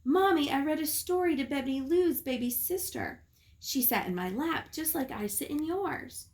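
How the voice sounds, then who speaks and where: A woman puts on a small, sweet boy monster for a storybook read-aloud. He talks in a childlike, formal way and keeps announcing himself, his voice pitched up high. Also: animated, measured pace. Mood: happy.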